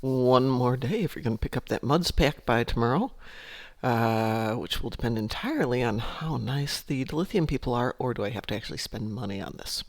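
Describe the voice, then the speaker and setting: A man's voice: medium pitch, animated, a little fast, dry recording. A man hosting a casual gameplay stream, just woken up and rambling as he thinks aloud. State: sleepy, just woke up. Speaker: gaming channel host.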